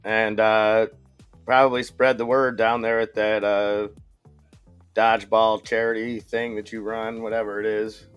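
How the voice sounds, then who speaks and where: A man's voice: fairly low pitch, level tone, a little slow, clean tone, muffled recording, soft background music. A man co-hosting a live stock market stream, chatting casually, reading viewer comments and often restarting his sentences. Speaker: stock market livestream co-host.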